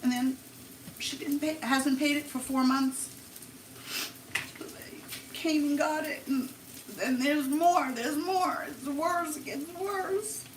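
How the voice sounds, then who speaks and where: A woman vlogger telling a personal story on a live stream in an emotional, rambling, halting way. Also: high voice, steady tone, background noise. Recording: echoey, from far off the mic.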